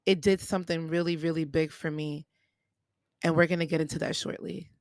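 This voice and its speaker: A woman's voice: sits low, fairly even intonation, a little fast. A young adult woman hosting a podcast, candidly telling a personal story in a conversational way and acting out what others said. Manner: candid, conversational, acts out quoted voices. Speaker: podcast host.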